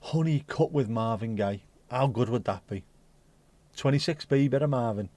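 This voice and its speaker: A man's voice: mid-range voice, normal speed, mellow, no echo. Cheeky man chatting on a livestream. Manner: playful, cheeky, rambling banter. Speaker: livestream host. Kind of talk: casual livestream chat.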